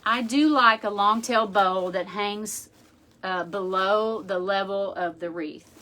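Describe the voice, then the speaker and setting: A woman's voice: mid-range voice, takes it slowly, sharp tone. A woman hosting a craft tutorial, chatting casually and thinking aloud as she works. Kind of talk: casual how-to demonstration.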